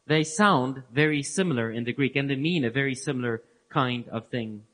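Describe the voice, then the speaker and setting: A man giving a Bible teaching talk, earnest and explanatory, who repeats key phrases and lets his phrase endings fall soft and low. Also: normal speed, few pauses. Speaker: preacher.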